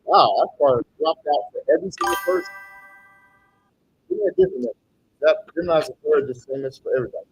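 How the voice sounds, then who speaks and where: A man reading tarot and pitching paid rituals in a salesy way, often repeating "okay" and "you guys.". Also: wildly swooping pitch, fast talker, creaky, pauses often, dull audio, soft background music. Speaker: tarot reader and spell seller.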